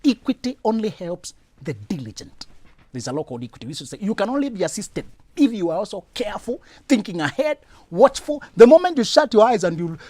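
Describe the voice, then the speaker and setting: A man giving blunt, forceful relationship advice on a talk show, in a lively, preachy manner. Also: sits high, fast talker, no room sound.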